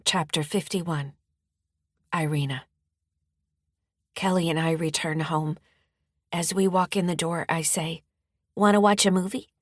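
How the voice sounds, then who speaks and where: A woman author narrating her own mystery-thriller audiobook in the first person, steady and firm in the mother's dialogue. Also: low voice, slow, pauses often, no room sound, clean studio sound. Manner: steady storytelling, rising firmly in the mother's lines.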